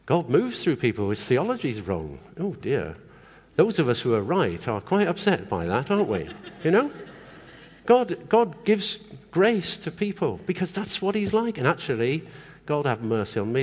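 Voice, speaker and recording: A man preaching to a congregation in a chatty, questioning way, his pitch moving up and down a lot. His voice carries a long reverb from the church hall around him. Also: big pitch swings, moderate pace, husky. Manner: conversational, asks the congregation questions. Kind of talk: sermon.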